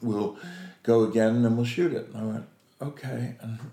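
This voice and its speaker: A man's voice: on the low side, a little fast, vocal fry, roomy sound. A man telling an anecdote as an interview guest, acting out the lines of the people in his story and laughing often. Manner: animated, acts out quoted voices, laughs often.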